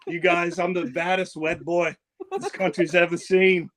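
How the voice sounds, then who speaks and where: A man's voice: sits high, flat delivery, measured pace, a bit bright. A man voicing a boastful Australian fisherman persona with a put-on Australian accent, talking with cocky swagger. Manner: cocky, swaggering, full of bluster. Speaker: guest. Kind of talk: comedic character bit.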